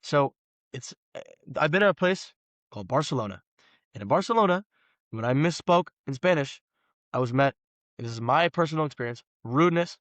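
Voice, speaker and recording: A man, a guest telling animated, slangy stories on a casual podcast. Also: on the high side, a little fast, no echo. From Los Angeles, USA. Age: 20s. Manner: animated storyteller, slangy, says "bro" often.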